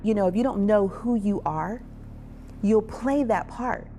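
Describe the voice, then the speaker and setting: A woman earnestly telling her own story as a survivor advocate, with restarts, over soft music. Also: mid-range voice, unhurried, a little hiss or hum. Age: adult parent. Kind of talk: personal testimony.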